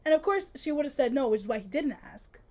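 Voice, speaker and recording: A woman with a high voice talks quickly while co-hosting a podcast, chatting casually about a book. She's animated and sassy, often sounding exasperated.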